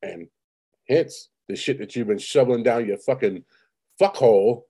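Husky, profane man chatting casually. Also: mid-range voice, moderate pace, dark tone. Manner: profane, rambling storyteller. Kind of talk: casual chat.

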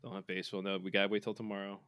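A man's voice: sits low, little pitch movement, very fast, fairly bright tone. A man co-hosting a podcast in casual sports chat, rambling with lots of fillers and restarts. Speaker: podcast co-host.

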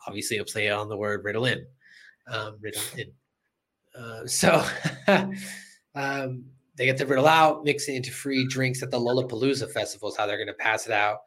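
A man's voice: mid-range voice, moderate pace, fairly bright tone. A man hosting a podcast, casually recapping an episode, chatty and laughing as he acts out lines. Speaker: podcast host.

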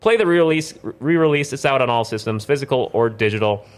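A man's voice: medium pitch, lively intonation, fast talker. A man from North Dakota hosting a casual gaming podcast, rattling off new game releases in a playful, rambling way. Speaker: podcast host. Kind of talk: casual chat, news rundown.

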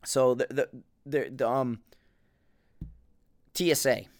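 Rambling, fast-talking East Coast man. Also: mid-range voice. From Connecticut, US East Coast. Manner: rambling, animated storytelling with frequent cursing and restarts. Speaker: podcast host. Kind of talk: casual monologue.

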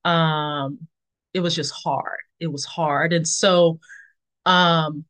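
A woman in her forties sharing a personal faith testimony in conversation, reflective and unhurried, pausing often with fillers. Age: 40s. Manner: reflective, acts out quoted friends with lively high voices. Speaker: podcast guest.

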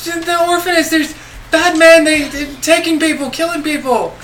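A man voicing a frantic seven-year-old orphan boy who pleads through tears in a high, breathless voice. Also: fairly even intonation, normal speed, echoey room, recorded from a distance, a loud crowd. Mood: panicked pleading.

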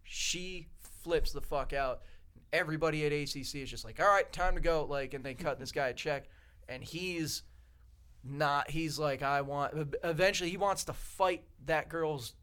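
Slightly high-voiced man telling a bar story. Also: fairly bright tone, smooth. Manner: loose, profane, chimes in with quick reactions. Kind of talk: casual storytelling chat.

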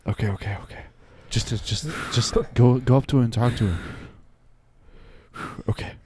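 A man's voice: medium pitch, fairly even intonation, moderate pace, mellow, a little hiss or hum. Nervous stammering young man. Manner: nervous, hesitant, stammering repeats. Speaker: sketch performer. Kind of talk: improvised comedy sketch.

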